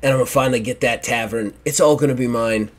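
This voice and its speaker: A gloating guard captain out to settle an old score, as a man plays him. He taunts his prisoners with menace at an ordinary middle pitch. It is a game master's tabletop voice. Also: fast talker, close to an everyday voice. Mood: threatening. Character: gloating male town guard leader, vindictive.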